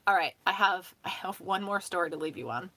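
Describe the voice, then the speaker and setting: A woman's voice: on the low side, lively intonation, brisk, pushed and bright, slight background noise. A woman hosting a casual home stream, chatting in a rambling way, swearing freely and laughing often. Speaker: host of a sewing hangout stream. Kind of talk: casual chat.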